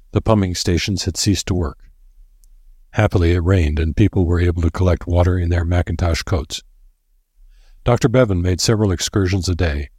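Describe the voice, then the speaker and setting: A man reading a story aloud in a steady, measured narration. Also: deep voice, slightly rough, no echo. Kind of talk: scripted narration. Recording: dry close recording.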